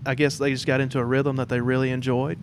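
A man's voice: mid-range voice, fast talker, noisy background. A man with a mid-range voice who hosts an informal chat about theatre. He speaks in an easy, meandering way and often restarts his sentences. A faint room ambience sits under him. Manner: relaxed, rambling, many fillers and restarts. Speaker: podcast host. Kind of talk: casual interview chat.

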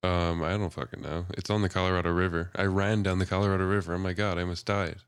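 A man with a low, deep voice who chats in a relaxed way on a podcast and laughs easily. The recording is dry, with little room sound. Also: fast talker, clear, resonant tone, no echo. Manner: laid-back, laughs often. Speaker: podcast co-host. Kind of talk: casual chat.

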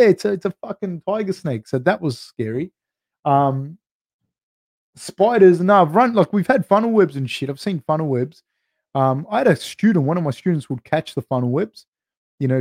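An Australian man in his thirties runs a live podcast Q&A, talking loosely and swearing freely, calling people "dude" and "man". His voice is mellow and warm at a middling pitch. The recording is close and dry. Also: no room sound. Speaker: podcast host answering live chat questions. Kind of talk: casual live-stream Q&A.

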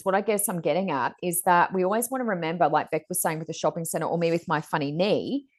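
Woman, chatty podcast co-host, slightly low voice, loose filler-heavy talk. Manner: chatty, frequent fillers and "you know". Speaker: podcast co-host, psychic reader. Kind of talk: casual spiritual wellness chat.

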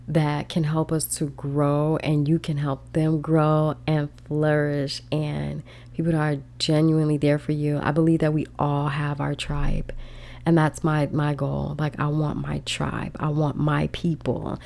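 A woman hosting a faith talk, speaking candidly in casual slang with laughing asides and lively storytelling. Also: low-pitched. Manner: candid, slangy, laughing asides, animated when telling stories. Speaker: faith podcast host.

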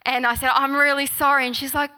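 A middle-aged woman preaching a sermon, telling personal stories and reading scripture slowly. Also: high-pitched, little pitch movement. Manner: warm, personal storytelling with gentle laughs; slow, unhurried reading of scripture.

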